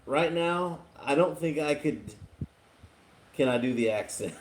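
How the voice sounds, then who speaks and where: A man's voice: medium pitch, measured pace. A man hosting a casual live stream, chatting and laughing as he reads viewer comments aloud. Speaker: livestream host.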